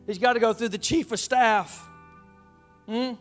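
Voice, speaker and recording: A man's voice: very high voice, a little slow, faint music behind. A man preaching a sermon to his congregation, calling out to them and breaking into playful asides. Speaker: pastor.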